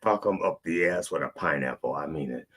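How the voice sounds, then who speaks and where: A man's voice: a bass voice, lively intonation, fairly quick, fairly bright tone, husky. A middle-aged man, a comic preacher, telling a rambling story full of curses and rants. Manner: cursing, ranting, rambling storytelling. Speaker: comedic preacher. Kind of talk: profane comic sermon-rant.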